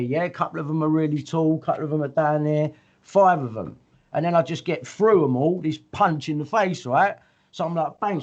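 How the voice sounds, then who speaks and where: A man's voice: on the high side, darkish tone. A middle-aged man tells a story in blunt, rambling casual speech, swearing often and acting out what people said. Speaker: guest. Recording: muffled lo-fi audio.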